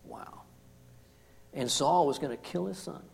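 A man preaching with a somewhat high voice. He moves between quiet, reflective remarks and forceful, emphatic passages, often repeating words for weight. It sounds like a pastor expounding scripture to a congregation. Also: expressive, unhurried, vocal fry. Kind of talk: sermon.

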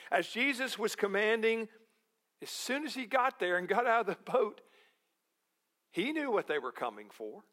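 A man preaching a sermon as pastor, slow and deliberate, posing rhetorical questions to the congregation. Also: sits high, very animated, bright, forceful tone.

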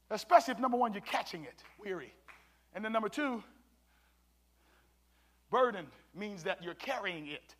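High, bright-voiced preaching pastor. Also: male voice, lively intonation, moderate pace, long pauses. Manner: preaching with call-and-response, swinging between shouts and hushed tones. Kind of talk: sermon.

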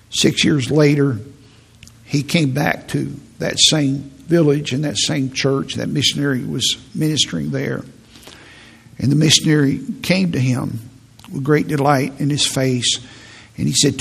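Male pastor, middle-aged, earnest storyteller, husky and a bit high, reverberant sanctuary. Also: steady tone, normal speed, fairly bright tone. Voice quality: gravelly, husky. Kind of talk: sermon. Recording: long reverb in a large hall.

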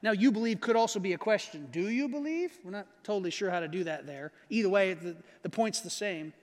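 In a big, echoing church hall, a preacher with a notably high voice delivers an emphatic sermon with lively intonation. He speaks conversationally, drags out the lines he wants to land, and repeatedly checks whether his listeners are with him.

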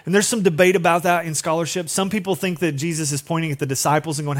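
Conversational male pastor, slightly high voice. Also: fairly even intonation, fast. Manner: conversational, acts out quotes in different voices. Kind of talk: sermon.

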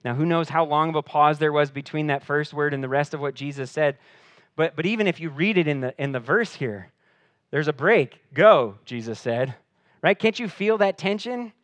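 A pastor's earnest sermon moves fairly quickly, his pitch and intensity climbing for emphasis, then falling away to quiet. He keeps restarting with repeated words, and there's no echo.

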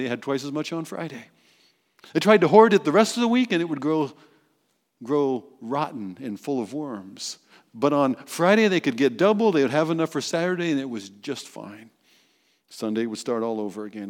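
A male pastor preaching a sermon as animated storytelling, acting out the quotes. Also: a little high. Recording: long reverb in a large hall.

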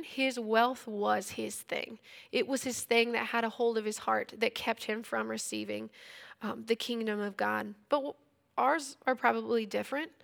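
A woman's voice: fairly high pitch, gravelly, a bit bright. A woman in her thirties teaching a Bible passage in a casual, conversational way. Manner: conversational, retells scripture in everyday speech.

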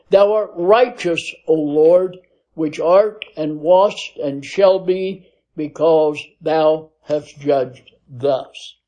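Guy teaching a bible lesson real slow, kinda high voice, lots of uh pauses. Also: dark tone. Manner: reads scripture aloud in measured King James cadence.

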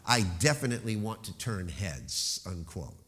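A man's voice: low-pitched, sing-song, fairly bright tone. Emphatic preaching man in a reverberant hall. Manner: emphatic preaching with slowed, stressed phrases and falling rhetorical questions. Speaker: pastor. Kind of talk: sermon.

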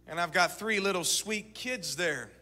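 A man in his thirties preaching a sermon, moving between shouted exhortation and quiet storytelling. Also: sits high, expressive, measured pace. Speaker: pastor. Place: church sanctuary. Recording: church sanctuary reverb.

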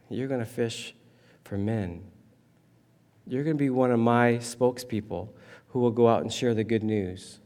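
Male pastor, mid-pitched, animated sermon storyteller who acts out quotes.

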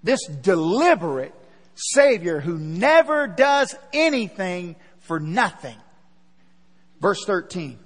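A man with a very high-pitched voice preaches to his church, driving points home through repetition. At moments he sinks into a hushed, gentle tone. His words ring out in a long hall reverb. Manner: preaching with emphatic repetition, dropping to a hushed tender voice. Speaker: pastor. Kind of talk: sermon. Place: church sanctuary.

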